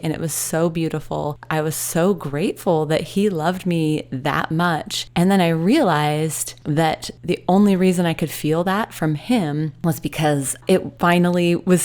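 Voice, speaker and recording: A middle-aged woman, a hypnotherapist, telling a personal story in an earnest, heartfelt, reflective way. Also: low voice.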